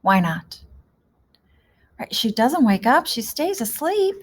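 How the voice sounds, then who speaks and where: Slow, gentle woman teacher asking questions. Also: a little high, big pitch swings. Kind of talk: reading lesson for young children.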